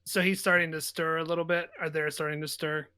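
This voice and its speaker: Man, tabletop player, bright, somewhat high, deliberate. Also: little pitch movement, smooth. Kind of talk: describing his character's actions.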